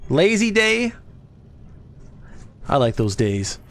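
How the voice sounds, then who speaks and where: A man's voice: on the high side, big pitch swings, takes it slowly, soft background music. A man with a Southern US accent, streaming live and chatting casually with his viewers while he plays, swearing offhandedly as he reads the chat aloud.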